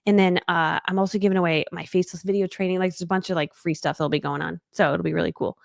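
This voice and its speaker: A woman's voice: lowish voice, fairly even intonation, quick pace, vocal fry, no room sound, clean studio sound. A woman in her thirties from New England, leading a live online training as a business coach, talking in a bubbly, chatty way with playful acted quotes. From New England, United States.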